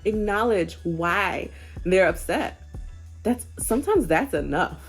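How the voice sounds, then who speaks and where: A young adult woman giving casual parenting advice to camera in an earnest, gently encouraging, conversational way. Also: mid-range voice, animated, slow, soft background music. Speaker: parenting vlogger.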